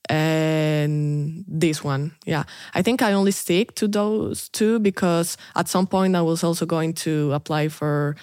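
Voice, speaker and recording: A woman's voice: deep voice, measured pace, hardly any pauses, a little mellow, clear, resonant tone, no echo, studio quality. A Colombian-born woman in her twenties, a native Spanish speaker, chatting casually as a podcast guest, laughing often and using lots of fillers. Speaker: interview guest, international student. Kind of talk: casual interview chat.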